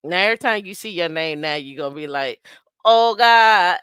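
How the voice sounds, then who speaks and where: A woman's voice: deep voice, lively intonation, fast talker, bright, forceful tone, clean tone, no echo, studio quality. A woman hosting a casual livestream, chatting to viewers by name and breaking into playful sung sound effects. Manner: playful, sings and imitates dancehall sounds. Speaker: host.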